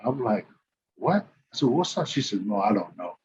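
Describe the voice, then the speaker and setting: An older man with a fairly low pitch and normal speed, a former basketball player appearing as a podcast guest, tells casual anecdotes. He's animated, acting out the quoted dialogue and laughing as he goes, and the recording is slightly muffled with faint background noise.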